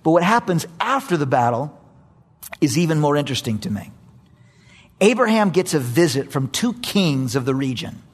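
A man preaching a sermon, telling a story with animated energy and repeating phrases for emphasis. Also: on the high side, normal speed, breathy edge.

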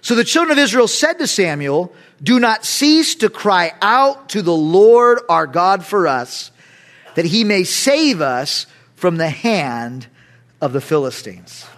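A man preaching as a guest pastor, animated, acting out inner voices with big swings of pitch and loudness. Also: takes it slowly. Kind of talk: sermon.

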